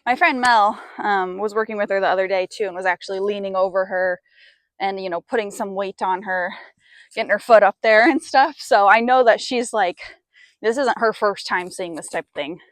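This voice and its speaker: A woman horse trainer wearing a clip-on mic, chatting casually to viewers while working a young horse. She keeps murmuring soft praise to the horse in between. The sound is close and dry, with almost no room echo. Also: mid-range voice, normal speed. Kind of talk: mic'd-up training commentary.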